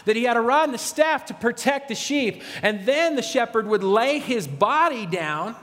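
A man's voice: very high-pitched, lively intonation, normal speed, a bit bright, long reverb tail. A man preaching a sermon as a pastor, earnest and emphatic.

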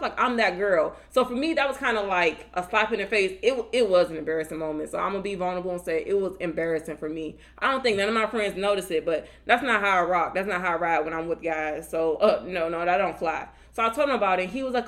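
A woman co-hosting a casual podcast and telling a story. She plays out each line of dialogue and swings up sharply in pitch for the quotes. Her voice sits at a middle pitch and has a relaxed, chatty flow. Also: fast talker, few pauses. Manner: animated, acts out quotes with big pitch jumps. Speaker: podcast co-host.

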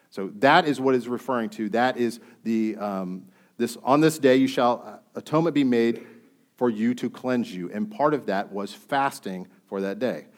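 A man's voice: mid-range voice, normal speed. A man preaching a sermon. He reads scripture aloud and puts questions to his listeners in a conversational way.

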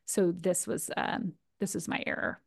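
A woman's voice: fairly low pitch, moderate pace, creaky, dry recording, clean studio sound. A woman co-hosting a podcast, chatting casually and animatedly as she recaps a reality show. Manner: chatty, animated, laughs often. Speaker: podcast co-host.

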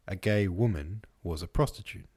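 Deep, warm and husky, this man's voice moves at normal speed as he hosts a casual book-club podcast. He reads out listener remarks and reference passages and talks them over musingly, with plenty of ums and digressions.

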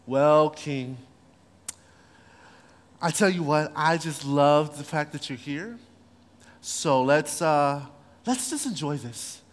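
A man voicing a gracious young queen who speaks softly, sweetly and hesitantly, in a sermon. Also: on the high side, slow, long pauses. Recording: long hall reverb.

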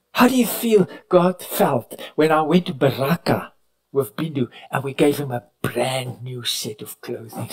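A man preaching a sermon at a retreat, telling stories, rising to loud cries and dropping to near whispers, sometimes correcting himself mid-sentence. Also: medium pitch, poor audio. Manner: preaching with sudden rises and hushed drops; storytelling with self-corrections. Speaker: pastor. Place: retreat meeting room.

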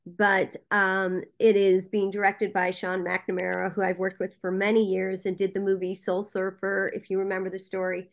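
A woman's voice: medium pitch, moderate pace, vocal fry, few pauses. Woman telling a story on a podcast. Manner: lively storyteller, frequent "um" fillers. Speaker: casting director and producer, guest. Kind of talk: podcast interview.

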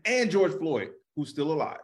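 Animated comedian co-host, slightly high voice. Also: male voice, normal speed. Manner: animated, profane, reads out viewer comments. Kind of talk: casual live-streamed podcast banter.

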